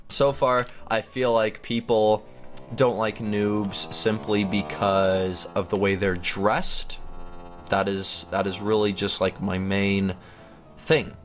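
Chatty giggly gaming commentator man. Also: lowish voice. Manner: chatty and giggly, talking to himself. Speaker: gaming YouTuber. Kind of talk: gameplay commentary.

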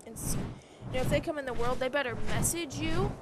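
A woman's voice: high-pitched, quick pace. A young woman giving casual, annoyed gameplay commentary, ranting and swearing freely. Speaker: gaming YouTuber. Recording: loud background noise.

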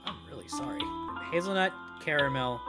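A woman hosting a horror game let's play, talking loudly and excitably, swearing and laughing as she plays. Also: sits low, brisk. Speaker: gaming video host. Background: game music.

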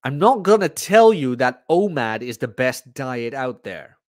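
A man's voice: mid-range voice, big pitch swings, unhurried, a little mellow. A man hosting a podcast, ranting bluntly and profanely in a casual livestream. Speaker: podcast host.

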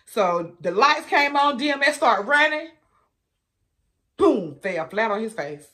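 A woman's voice: on the high side, sing-song, measured pace, fairly bright tone. A woman, chatting casually to viewers as a food vlogger and laughing often.

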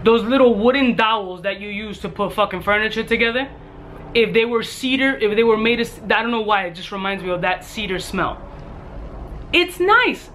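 A man reviewing a fragrance in a blunt, casual vlog, swearing constantly and retelling his story with animated energy. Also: high voice, normal speed, a little hiss or hum.

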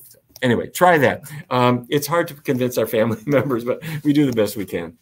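A middle-aged man, a physician guest, telling stories in a relaxed, animated way with frequent laughs. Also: mid-range voice, a little fast, breathy edge. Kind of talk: conversational storytelling.

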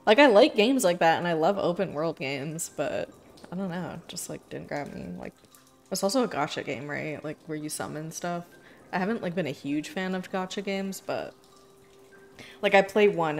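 A woman's voice: lowish voice, darkish tone. A young woman streaming a game, chatting casually in a giggly, flustered way, full of likes. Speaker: variety streamer.

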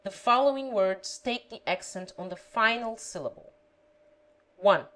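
A woman reading a grammar lesson aloud, pronouncing example words carefully and deliberately. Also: medium pitch, expressive, fairly bright tone, low-quality recording. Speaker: language teacher.

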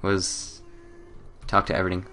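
A man's voice: deep voice, monotone, normal speed, bright, forceful tone, slight background noise. A young man commentating a horror game let's play, jokey and laughing a lot. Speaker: gamer.

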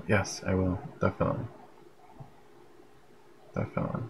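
A tired man hosts a late-night livestream. His low voice has a gravelly rasp, and he talks in a rambling, friendly way. Faint noise sits behind him. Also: steady tone, moderate pace, muffled recording. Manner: rambling, friendly, reads out viewer comments. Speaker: livestream host. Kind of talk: casual live broadcast chat. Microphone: headphones with plug-in mic.

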